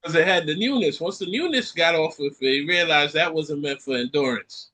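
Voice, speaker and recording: A Caribbean man hosting a podcast, ranting in an animated way and repeating lines for effect. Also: a little high, fairly quick. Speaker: podcast host. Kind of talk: casual chat.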